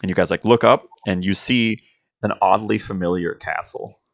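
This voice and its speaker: A man with a deep, gravelly voice narrates a tabletop game as its game master. He describes each scene loosely, leaning on fillers and restarts as he goes. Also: steady tone, normal speed. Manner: rambling, filler-heavy description.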